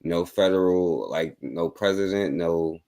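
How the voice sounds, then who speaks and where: Very deep-voiced male talk radio host. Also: unhurried, mellow. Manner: laid-back, agreeing, greets live chat. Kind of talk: casual talk radio chat.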